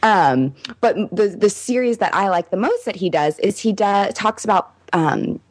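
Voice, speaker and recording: A woman's voice: mid-range voice, expressive, normal speed. A young woman and mother chatting casually, rambling and giggly with many fillers. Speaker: co-host, parent. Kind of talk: casual chat.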